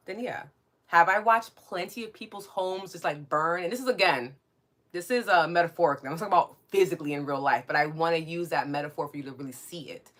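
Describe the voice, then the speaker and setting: A woman's voice: sits low, a little fast, fairly bright tone. A woman hosting a live podcast, reading viewer comments aloud in casual chat, candid and mildly profane, laughing often and asking "right?".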